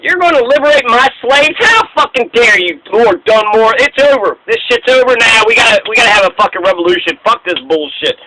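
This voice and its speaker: A man's voice: very high voice, lively intonation, a little fast, few pauses, a loud crowd, pitched above the performer's own voice, poor audio. A man voicing an outraged, cursing colonial slave owner in a rant. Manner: indignant, cursing. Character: outraged slave-owning colonial leader, male, middle-aged.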